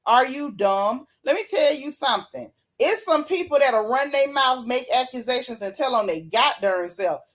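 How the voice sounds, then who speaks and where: A woman hosting a casual live-stream recap, reading viewer comments and talking with sassy, animated flair, often yawning and laughing. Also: high voice, moderate pace, hardly any pauses. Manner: sassy, animated, Southern Black vernacular gossip. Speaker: reality TV recap host reading live chat.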